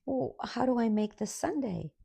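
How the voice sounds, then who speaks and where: A confused young shop girl stammers behind the counter, as a woman puts her on. The voice sits higher than the storyteller's own and keeps some gravel and huskiness. It is dry and close. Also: lively intonation, moderate pace, dark tone, exaggerated voice. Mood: baffled. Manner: hesitant, confused. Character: flustered young female ice cream server.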